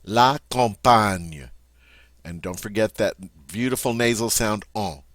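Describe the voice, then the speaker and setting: A man teaching French vocabulary, repeating each word slowly and clearly and explaining it in a friendly, encouraging way. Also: on the low side, dry recording, clean studio sound. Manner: slow, drawn-out model pronunciations with repeats. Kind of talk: vocabulary lesson.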